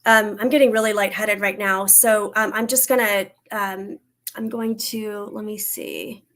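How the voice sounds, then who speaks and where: A woman working as a psychic medium, doing a livestream reading and Q&A, talking in a soft, reassuring way with frequent pauses, fillers and restarts. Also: mid-range voice, steady tone. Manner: hesitant, halting, many fillers and restarts.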